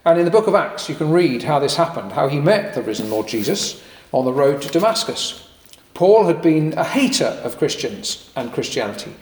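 Animated preacher in an echoey hall. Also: male voice, fairly high pitch, normal speed. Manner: animated, conversational, with fillers and asides. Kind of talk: sermon. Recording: echoey hall with long reverb.

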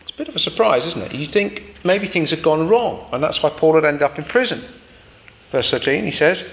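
Man, preacher, informal explanatory sermon, slightly high voice, animated delivery. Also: fairly quick, in a large hall, a little hiss or hum. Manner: informal, explanatory, many fillers.

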